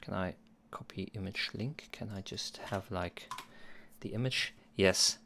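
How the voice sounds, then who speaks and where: Slow, low-voiced man on a livestream. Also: steady tone, creaky, pushed and bright, slight background noise. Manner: playful, rambling, chuckles often. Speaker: music producer streamer. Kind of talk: casual livestream chat with viewers.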